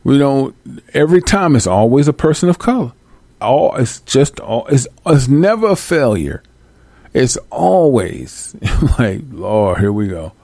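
A man hosting a livestream, talking casually and bluntly with profanity and loud, high-pitched outbursts. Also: sing-song, a little slow, dry recording. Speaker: livestream host.

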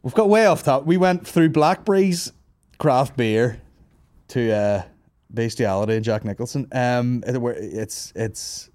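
A man's voice: mid-range voice, a little slow, darkish tone, no room sound, clean studio sound. A man hosting a comedy podcast, telling rambling, sweary stories and laughing at his own jokes. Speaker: podcast host. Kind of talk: casual comedy podcast banter.

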